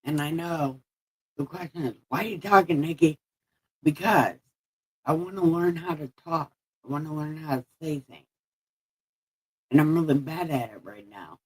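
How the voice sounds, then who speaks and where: A woman chats casually on a live stream, her speech slurred and lisping because her mouth is sore from having teeth pulled; she rambles, laughs at herself and swears freely. Her low, husky voice moves at normal speed with frequent pauses, and the recording is low quality.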